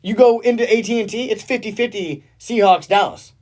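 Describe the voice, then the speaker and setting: A man's voice: high-pitched, brisk, darkish tone. A man in casual podcast chat, animatedly telling a story with frequent swearing and laughter.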